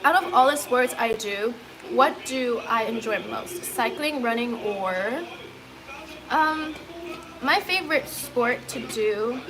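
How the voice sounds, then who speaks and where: A woman's voice: fairly high pitch, noisy background. Giggly young-sounding woman chatting on a stream. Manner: giggly, chatty, many fillers. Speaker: livestreamer. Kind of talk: casual livestream chat.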